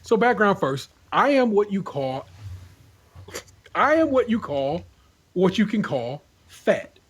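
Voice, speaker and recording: A male podcast host reads forum posts aloud in a relaxed, joking way and swears freely. His voice is husky and sits a bit high for a man. He chats casually between readings. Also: takes it slowly. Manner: laid-back, wisecracking, profane.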